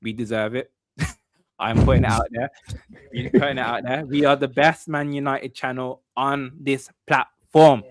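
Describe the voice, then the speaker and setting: A man's voice: medium pitch, steady tone, a little slow, a little hiss or hum. A man hosting a casual football fan podcast, upbeat and chatty, with frequent "um, but yeah" fillers. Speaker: podcast host.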